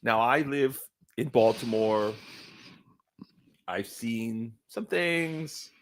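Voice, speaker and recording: A man co-hosting and producing a casual talk show, rambling and stopping often to clear his throat. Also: mid-range voice, very slow, pauses often. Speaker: co-host and producer. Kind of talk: casual chat.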